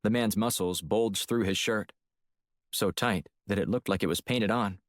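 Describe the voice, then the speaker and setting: A man narrating a thriller audiobook with steady, even storytelling. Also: on the low side, normal speed, no room sound, studio quality. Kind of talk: scripted narration.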